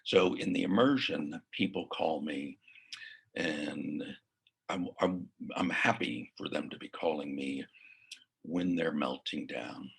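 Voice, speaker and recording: Gravelly very deep-voiced man coaching. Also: slow, a bit bright. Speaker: mindfulness coach. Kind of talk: casual spoken lesson.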